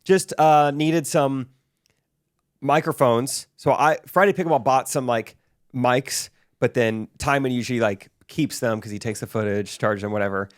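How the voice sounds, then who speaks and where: A man co-hosting a podcast in relaxed, casual chat. He mentions sponsors offhandedly and keeps a steady, mid-range pitch. The recording is dry and close, with no room sound. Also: normal speed, no echo. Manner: easygoing, reads sponsor plugs offhand. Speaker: podcast co-host.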